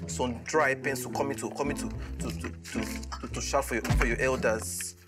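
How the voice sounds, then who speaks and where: A man with a Nigerian accent playing a visa officer in a comedy sketch, scolding loudly and slipping into Pidgin. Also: medium pitch, fairly even intonation, moderate pace. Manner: scolding, mixes Pidgin, apologetic then explosive. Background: music.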